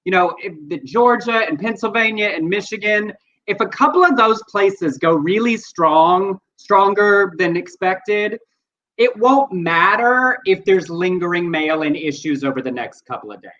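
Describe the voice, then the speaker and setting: A man's voice: sits high, a little slow. A man with a Texan accent co-hosting a casual livestream chat, reading out viewer comments. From Texas. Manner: reads viewer comments aloud, chatty and animated. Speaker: co-host. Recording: dull lo-fi stream audio.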